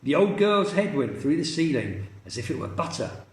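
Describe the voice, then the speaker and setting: A man teacher reading a children's story aloud in a slow, expressive storytelling manner. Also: on the high side, roomy sound.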